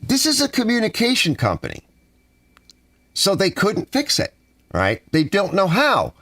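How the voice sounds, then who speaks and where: Man, from the US, ranting, exasperated, lively swings in pitch, dry studio sound. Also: a little slow, dry recording. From United States. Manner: exasperated, animated complaining with softened swearing. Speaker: channel host. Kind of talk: ranting casual monologue. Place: home garage studio.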